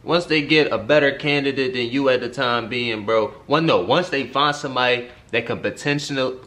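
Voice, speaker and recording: A man's voice: mid-range voice, moderate pace, hardly any pauses, a bit bright. A man hosting a music reaction video, talking casually and directly to his viewers in slang, sometimes drifting into earnest advice. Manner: slangy, talks straight to viewers, repeats "you feel me"; earnest advice-giving, preachy streak.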